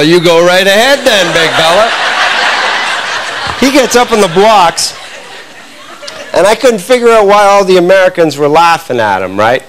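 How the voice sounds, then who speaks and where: Canadian man telling a stand-up story. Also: a little high. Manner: animated, building to excited outbursts with audience laughter. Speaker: stand-up comedian. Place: comedy club stage. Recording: noisy live club recording.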